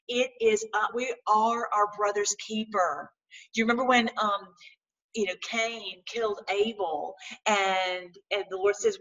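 A woman talking to her viewers in a casual, animated monologue, full of restarts and religious phrases. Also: medium pitch, unhurried, far from the mic, low-quality recording. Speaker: political commentary host.

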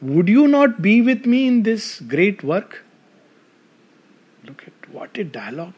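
Man, Indian English accent, spiritual talk, lively storytelling, questions to the audience, fairly high voice. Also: takes it slowly, slightly rough, highs cut off. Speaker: spiritual speaker.

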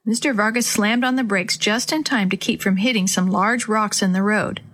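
A woman narrating a children's story aloud in a clear, even storytelling way. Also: mid-range voice, normal speed.

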